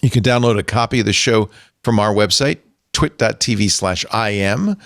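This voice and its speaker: A man's voice: fairly low pitch, moderate pace, no echo, studio quality. An older man hosting a tech podcast, chatting and joking, then reading the show's schedule and plugs. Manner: animated, jokey, reads show plugs. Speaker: podcast host. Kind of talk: casual chat.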